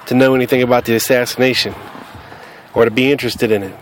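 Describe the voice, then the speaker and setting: A man's voice: medium pitch, steady tone, fast talker, a little hiss or hum. A man with a Southern US accent hosting a podcast, talking bluntly and combatively and cussing freely. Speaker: podcast host. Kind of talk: casual podcast monologue.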